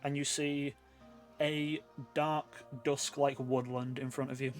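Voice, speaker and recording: A man running a tabletop role-playing game, narrating scenes in a relaxed way with frequent fillers. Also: medium pitch, takes it slowly, faint music behind. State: hiccuping. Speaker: game master.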